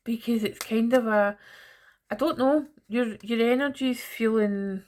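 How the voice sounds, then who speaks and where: A woman's voice: a little high, measured pace, a little mellow. A middle-aged woman giving a chatty, teasing tarot reading straight to her viewers. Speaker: tarot reader. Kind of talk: casual tarot reading to camera.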